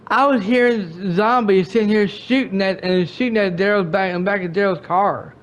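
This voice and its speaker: A man's voice: high-pitched, normal speed, a bit bright. A man, hosting a gaming channel, ranting and scolding a friend with angry repeated restarts. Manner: angry, repetitive, stumbling restarts.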